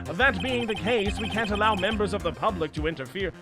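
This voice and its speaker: A man reading game dialogue aloud, voicing a cool, formal male prosecutor in a lowered, measured, lecturing tone. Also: loud music behind the voice, lightly acted. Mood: stern. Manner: measured, lecturing, lower and quieter than own voice.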